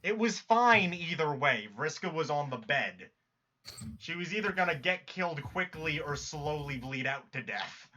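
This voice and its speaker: A man's voice: a little high, animated, unhurried, bright, forceful tone. A man chatting casually with friends on a live stream, teasing and sarcastic, sometimes reading story narration aloud.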